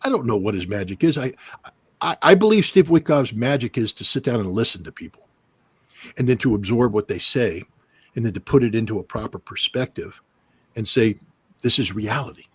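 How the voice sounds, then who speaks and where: A man's voice: mid-range voice, expressive, fairly quick, husky, no room sound. A middle-aged man giving emphatic political commentary on a livestream, hammering points with repetition and mocking quotes of officials.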